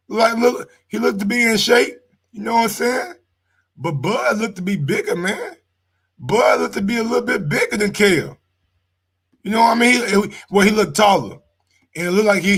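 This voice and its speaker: A man runs a sports reaction live stream. His voice sits fairly high for a man. He talks loudly and excitably, swears freely and calls out to his viewers as if they were in the room with him. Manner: excitable, loud and profane, talks straight to viewers. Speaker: sports channel host.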